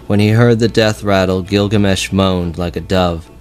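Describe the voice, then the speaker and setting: A man with a very low voice reads an ancient epic in a slow, solemn audiobook style. His delivery stays level and even, with little rise and fall. Soft music plays faintly under him. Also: smooth. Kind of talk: scripted audiobook narration of an epic. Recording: faint music bed behind.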